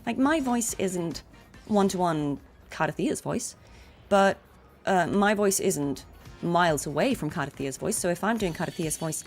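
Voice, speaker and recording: A woman's voice: on the low side, lively intonation, measured pace, faint music behind. A woman with a neutral RP English accent chatting as a voice actor while streaming a game, laughing often. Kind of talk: casual stream commentary.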